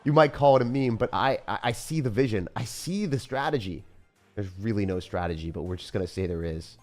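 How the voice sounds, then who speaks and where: A man giving live gameplay commentary as a streamer, casual and jokey, with sudden loud excited outbursts. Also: on the low side, brisk, soft background music. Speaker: game streamer.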